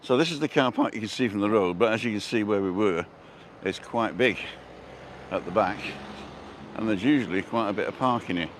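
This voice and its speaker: A man's voice: on the low side, a little fast, a little hiss or hum. An Englishman giving a casual, jokey walking tour outdoors, chatting about the shops he passes. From England. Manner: chatty, jokey, chuckles at his own quips. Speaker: vlogger. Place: outdoors on a street.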